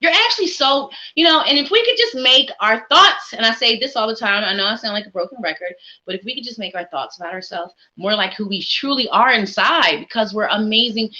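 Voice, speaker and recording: A woman's voice: fairly high pitch, expressive, brisk, few pauses, sharp tone, lo-fi sound. A woman hosting a live psychic reading stream, talking in an upbeat, encouraging, chatty way. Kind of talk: casual live-stream chat.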